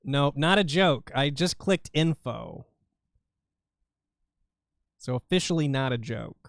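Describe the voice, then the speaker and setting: A man's voice: mid-range voice, lively intonation, takes it slowly, vocal fry, no echo, clean studio sound. A man streaming live while he edits video, rambling and muttering to himself in a casual, self-amused way.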